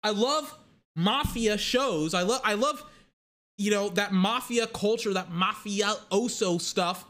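A man ranting casually to camera about a TV series, rambling and animated, with lots of restarts and fillers. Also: high-pitched, takes it slowly. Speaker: vlogger reviewing a TV series.

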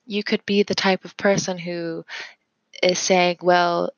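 A woman hosting a podcast, doing a casual tarot reading in a reflective manner with pauses and fillers. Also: fairly low pitch, flat delivery, dry recording, highs cut off. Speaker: tarot reader and podcast host.

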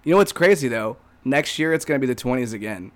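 A man co-hosting a podcast, his voice sitting at a middling pitch. He jokes around, then launches into animated rants in a loose, casual way. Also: quick pace. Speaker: podcast co-host.

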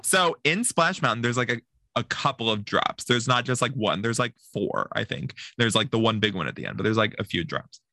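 Male podcast guest, animated storyteller, bright tone, plays out the quotes. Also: medium pitch, fairly quick, dry recording. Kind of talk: casual podcast chat.

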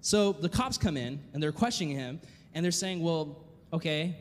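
A man's voice: fairly high pitch, expressive, moderate pace, slight background noise. A man preaching a sermon, reading scripture aloud and asking the listeners rhetorical questions. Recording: long hall reverb.

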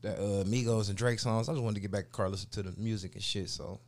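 A man's voice: lowish voice, fast. A man chatting casually, telling a long story with lots of slang and swearing. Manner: profane, slangy, animated storytelling. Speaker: storyteller in a chat. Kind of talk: casual chat.

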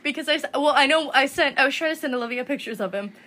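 A young woman in her twenties chatting casually, excitable and giggly, retelling stories dramatically. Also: sits high, racing. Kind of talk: casual chat.

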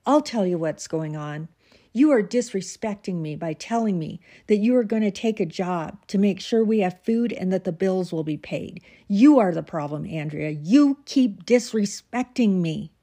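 Lady doing a proud angry artist husband, ranting and accusing, voice pushed high and loud. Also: lively intonation, normal speed, natural voice.

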